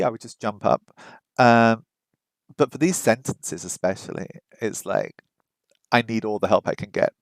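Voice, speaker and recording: A man talks through his thoughts in a casual vlog, questioning himself as he goes. He carefully sounds out unfamiliar phrases at a slow, practicing pace. His voice sits in an ordinary middle register and is recorded close and dry, with no room echo. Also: medium pitch. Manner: thinking aloud, musing and unsure. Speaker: vlogger learning a language.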